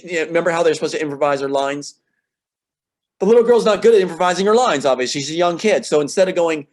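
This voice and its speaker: A man in an interview, talking about his screenplay with passion, sometimes reading scenes aloud and getting emotional. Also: a little high. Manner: passionate and emotional, voice rising sharply when indignant. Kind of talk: conversational interview, reading from a script.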